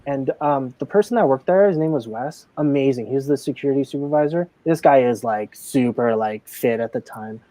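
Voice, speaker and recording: A man's voice: medium pitch, brisk, few pauses, warm tone, no room sound. A man in a casual live interview, telling stories from his casino job in a chatty way, full of fillers and acted-out quotes. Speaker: casino dealer and games manager.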